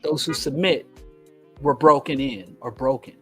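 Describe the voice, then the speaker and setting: A man hosting a radio call-in talk show, explaining his points in a measured, deliberate way. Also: mid-range voice, faint music behind.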